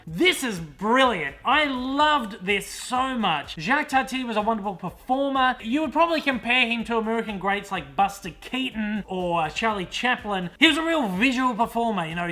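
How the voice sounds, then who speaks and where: A young man with an Australian accent talks casually and eagerly, gushing with real enthusiasm. His voice sits high for a man and has a bright, sharp edge. He is chatty and a little self-deprecating. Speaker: vlogger showing his Blu-ray collection. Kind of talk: casual chat.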